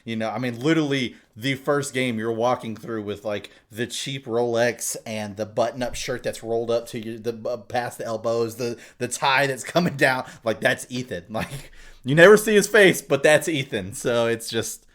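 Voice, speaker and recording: A man co-hosting a podcast, telling a story in casual chat with lots of swearing, fillers and excited asides. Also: medium pitch, moderate pace. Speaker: podcast co-host.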